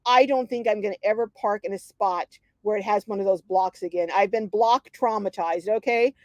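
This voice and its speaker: A middle-aged woman hosting a livestream, telling a story in a lively, chatty way, acting out quotes and reading viewer comments. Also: mid-range voice, moderate pace, no room sound. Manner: animated storyteller, acts out quotes, laughs often. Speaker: host of a livestream.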